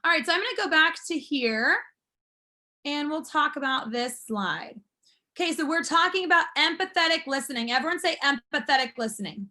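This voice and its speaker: A woman's voice: sits high, animated, fairly quick, bright, forceful tone. A woman instructor teaching a class, explaining step by step in an upbeat, encouraging manner. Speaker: martial arts school instructor.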